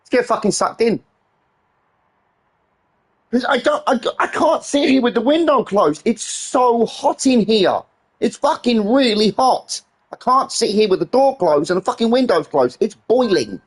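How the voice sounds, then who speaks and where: Sweary streamer, lively pitch. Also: measured pace, breathy edge. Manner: exasperated, heavily swearing rant. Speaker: gaming streamer. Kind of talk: live stream chat.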